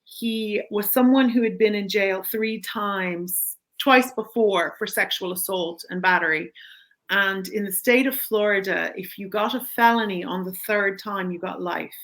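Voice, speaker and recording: A middle-aged woman recounts a personal story as an interview guest. Her telling is candid and animated, and she slips into the voices of the people she quotes. Her voice sits at an ordinary, middle pitch. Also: unhurried, low-quality recording.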